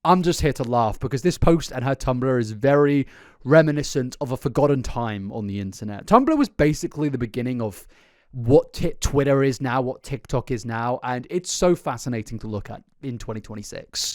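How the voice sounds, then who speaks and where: A man hosting an internet commentary video, animated, laughing often, stumbling over restarts. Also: medium pitch, fairly quick, no room sound, studio quality. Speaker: commentary host. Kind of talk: commentary narration.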